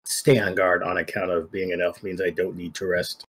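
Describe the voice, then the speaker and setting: A man's voice: low voice, flat delivery, moderate pace, a crowd in the background. A man playing a tabletop game who talks casually and hesitantly, repeating himself. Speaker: player.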